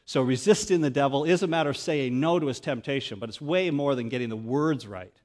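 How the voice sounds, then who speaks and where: A man preaching a sermon, earnest and methodical, working through numbered points and dropping low and quiet when he quotes scripture. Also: a little fast. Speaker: pastor.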